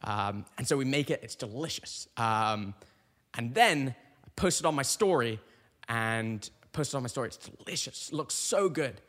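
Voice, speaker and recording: A man's voice: mid-range voice, normal speed. A young man in his twenties hosting a podcast, telling a casual, rambling story with lots of restarts. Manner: animated, rambling with frequent restarts. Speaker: podcast host. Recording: long reverberant echo.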